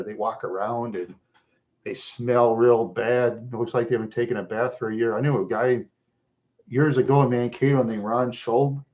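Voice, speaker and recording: A middle-aged man from Minnesota with a rough voice worn down by years of smoking. He talks to his viewers in a loose, rambling way, stopping often to chuckle. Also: mid-range voice, a little mellow. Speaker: livestream host chatting with viewers. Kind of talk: casual rambling chat.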